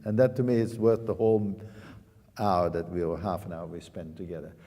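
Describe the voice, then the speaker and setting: A man's voice: low voice, steady tone, a little fast. A man teaching a piano master class, singing musical phrases on syllables to show the playing, often repeating words and restarting sentences. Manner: sings phrases on syllables to demonstrate. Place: concert hall. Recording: reverberant hall with loud piano.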